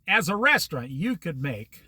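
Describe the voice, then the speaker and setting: An older man spins a rambling story from his past, acting out both sides of old conversations as he goes. His pitch sits high for a man and swings widely from phrase to phrase. The tone is very bright and ringing, and the dry, close sound has no room echo at all. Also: sing-song, moderate pace, husky. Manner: rambling anecdotal storyteller, quotes people in conversation. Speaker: host. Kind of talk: casual storytelling monologue.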